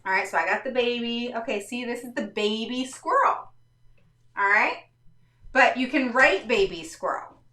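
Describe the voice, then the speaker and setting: A woman's voice: on the high side, lively intonation, moderate pace, pushed and bright. Lady explaining stuff on a live stream, keeps saying all right, sounds a bit far off in the room. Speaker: host of a parenting live stream. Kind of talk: casual live-stream teaching talk. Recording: roomy, slightly distant mic.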